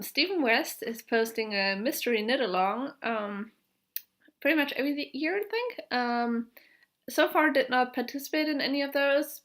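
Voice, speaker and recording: A young woman from Germany with a German accent, chatting casually on her podcast, pausing often with fillers and small laughs. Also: a little high, fairly bright tone. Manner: hesitant, full of fillers, light laughs. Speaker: podcast host. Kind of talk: casual video podcast chat.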